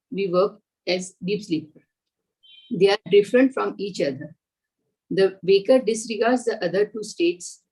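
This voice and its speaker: A woman student reading a passage aloud in class, steady and careful with small slips. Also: medium pitch, breathy edge, low-quality recording.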